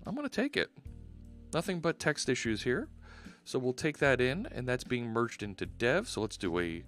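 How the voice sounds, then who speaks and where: A man's voice: medium pitch, big pitch swings, normal speed, fairly bright tone. Man, coding stream host, casual, chatty, self-correcting, faint music behind. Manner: chatty, upbeat, rambling with frequent restarts. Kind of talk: casual livestream chat while coding.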